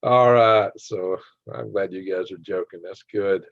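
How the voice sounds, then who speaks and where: A low-voiced man with a Southern twang, chatting fast and jokey on a livestream and breaking into laughter often. The sound is dry and close, with a dull, lo-fi quality. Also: fairly even intonation, vocal fry, no echo. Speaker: livestream host. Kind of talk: casual livestream chat reading viewer comments. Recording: dry, dull lo-fi stream audio.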